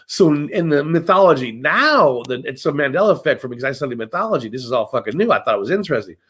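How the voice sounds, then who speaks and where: Profane, animated man telling myths. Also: fairly high pitch, fast talker, breathy edge. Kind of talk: casual storytelling chat.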